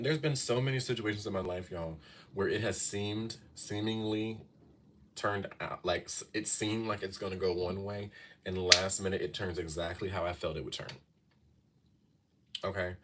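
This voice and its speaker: A man in his thirties, an astrology and tarot reader, gives casual advice on a live stream in a fairly low voice with slight background noise. He chats with viewers, peppering his talk with "okay?" and "y'all."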